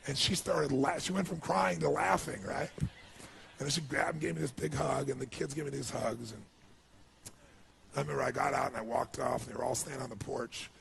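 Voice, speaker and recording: A man's voice: medium pitch, fairly even intonation, a little fast, creaky, a crowd in the background. A man giving an earnest, emotional storytelling speech as a motivational speaker, with lots of "you know.".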